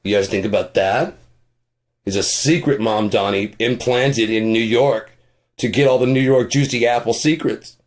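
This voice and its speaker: A man with a lowish voice rants off the cuff, swearing freely as he goes. He rambles from point to point, and his tone is sarcastic and mocking. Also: moderate pace. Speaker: podcast host. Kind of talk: casual profane rant.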